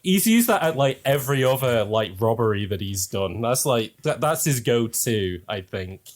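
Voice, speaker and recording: Man, podcast host, casual chat, chatty, laughs a lot, mid-pitched voice. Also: animated, moderate pace. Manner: chatty, laughs often, many fillers.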